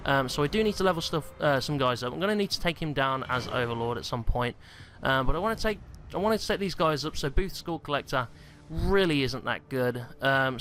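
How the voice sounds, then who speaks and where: A young man talks through his game in a slightly high voice, rambling loosely and leaning on plenty of ums and likes. He sounds out of breath the whole way through, recording in a small stuffy room at home. A faint hiss sits underneath. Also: fairly bright tone. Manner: rambling, heavy on fillers like um and like. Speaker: gaming YouTuber. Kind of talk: casual gameplay commentary.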